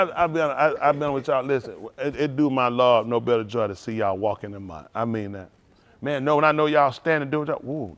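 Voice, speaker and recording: A man preaching an informal testimony to his congregation, emotional and conversational, often breaking into laughter and exclamations. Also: mid-range voice. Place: synagogue hall during livestream.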